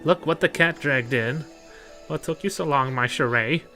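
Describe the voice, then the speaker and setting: A man's voice: on the high side, moderate pace, sharp tone, soft background music. A man voicing a flamboyant young man with a put-on French accent, smug and playful. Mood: teasing.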